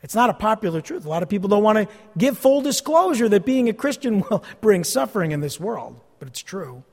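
A pastor preaching a sermon, telling stories about himself with self-deprecating humor. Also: male voice, sits high, very animated, a little fast, big-room sound.

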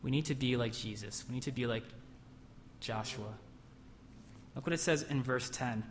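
A man's voice: medium pitch, moderate pace, a little hiss or hum. A man preaching a sermon in a church, emphatic, asking the room questions and acting out whispered lies. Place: church hall. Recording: long hall reverb.

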